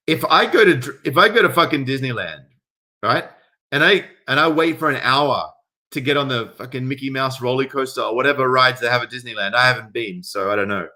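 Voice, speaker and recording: A man reading viewer stories aloud and reacting with casual, profane rants that swing between calm reading and loud outbursts. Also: mid-range voice. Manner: swearing, rants loudly in bursts. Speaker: commentary host reading stories.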